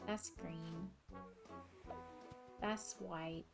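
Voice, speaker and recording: A woman chatting casually and swearing freely as she reacts out loud to a video game on a live stream. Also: deep voice, steady tone, drawn-out words, creaky, music in the background.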